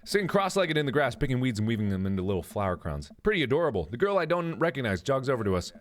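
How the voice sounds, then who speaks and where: A man's voice: medium pitch, big pitch swings, racing. A man in his thirties hosting a gaming video, reading a dating game's text aloud with jokey, self-questioning asides. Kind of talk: let's play commentary, reading game dialogue aloud.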